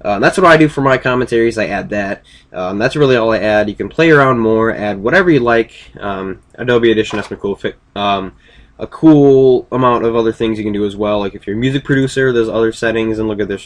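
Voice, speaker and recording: A man talking through a casual screen-recorded software tutorial, rambling and correcting himself as he goes. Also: lowish voice, brisk. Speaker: video tutorial maker.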